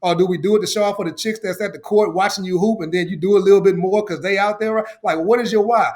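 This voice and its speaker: Guest spot: middle-aged man with a high, bright voice, storyteller who acts out quotes. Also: fairly even intonation, fast. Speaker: podcast guest, ministry founder. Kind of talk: enthusiastic testimony.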